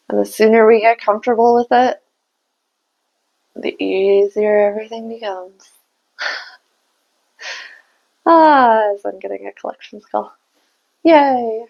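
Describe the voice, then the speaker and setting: A woman's voice: a little high, vocal fry, muffled recording. A young adult woman giving a casual spiritual tarot reading, musing aloud and laughing at herself. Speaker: tarot reader and channeler.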